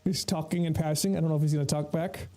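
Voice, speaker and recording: Young dude streaming a game, kinda high voice but mellow, swears a lot, soft music underneath. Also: male voice, steady tone, fast. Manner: laid-back, swearing, laughing often. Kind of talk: casual gameplay commentary.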